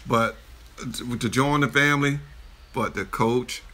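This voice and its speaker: Bright-voiced joking man. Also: mid-range voice, measured pace. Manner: animated, joking, restarts and trails off often. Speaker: reaction video co-host, a father. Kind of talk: casual reaction chat.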